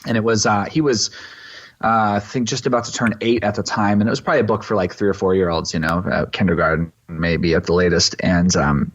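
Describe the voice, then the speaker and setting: A middle-aged man from East Texas, a pastor, telling a personal story in an interview with halting, reflective pauses and restarts. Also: deep voice, fairly even intonation. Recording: slightly muffled lo-fi audio.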